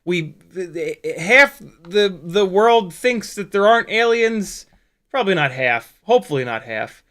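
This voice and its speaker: A man's voice: high-pitched, expressive, a little slow, bright, forceful tone. A man hosting a casual live stream, rambling and jokey, swearing freely and stumbling over his words.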